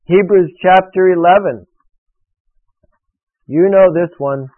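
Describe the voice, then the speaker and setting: A man's voice: high-pitched, slow. A man preaching a sermon, emphatic and repetitive as he drills a point home to his congregation. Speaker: pastor. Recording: phone-like radio broadcast.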